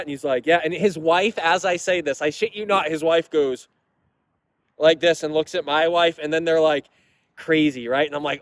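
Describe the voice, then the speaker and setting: A man's voice: a little high, normal speed, no echo. A young man from Massachusetts telling a long, rambling story to his channel in a casual, profane way, with frequent asides and laughs. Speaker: metal vlogger.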